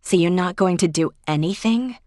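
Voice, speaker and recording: A woman narrator puts on a blunt young woman, shaken and exasperated, snapping back in sharp retorts. The voice sits fairly low and dry, close to the mic. It is a scene from a storybook read aloud. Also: moderate pace, dry recording, natural voice.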